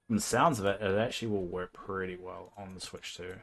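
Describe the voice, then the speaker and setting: A man's voice: low-pitched, fairly even intonation, fairly quick, fairly bright tone, slight background noise. A young man with a New Zealand accent, chatting casually as a livestreamer while he plays a game and thinks aloud with plenty of fillers.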